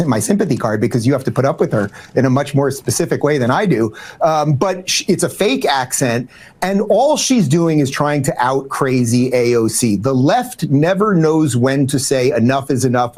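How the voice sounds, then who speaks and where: A man's voice: mid-range voice, darkish tone. A man commenting on a talk show in a sarcastic, indignant tone.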